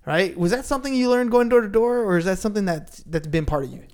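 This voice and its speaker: A man hosting a casual interview, upbeat and animated, asking open questions. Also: sits high, quick pace, clear, resonant tone. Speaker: host, interviewer.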